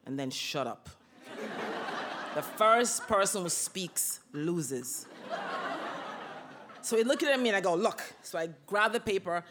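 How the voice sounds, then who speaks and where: A woman telling a personal story on stage, animated and acting out the dialogue. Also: on the low side, a little hiss or hum.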